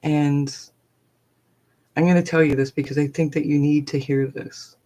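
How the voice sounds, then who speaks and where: A woman's voice: deep voice, level tone, normal speed, mellow. A middle-aged woman, a forest therapy guide, telling a personal story on a live stream in a chatty, rambling way full of fillers.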